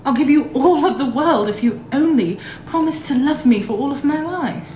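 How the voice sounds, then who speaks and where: A brash, pushy woman with a put-on Vietnamese accent, played by a woman doing impressions. She speaks in broken English, with a high voice that keeps jabbing with mocking questions. The clip sounds dull and lo-fi. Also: lively intonation, normal speed, mellow, reverberant, a little hiss or hum. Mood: teasing.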